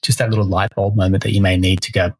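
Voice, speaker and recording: Man, husky low voice, dry close sound, energetic salesy chat. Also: quick pace, no room sound, rough recording. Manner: energetic, salesy, restarts phrases. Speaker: mortgage broker co-host. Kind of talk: casual podcast chat.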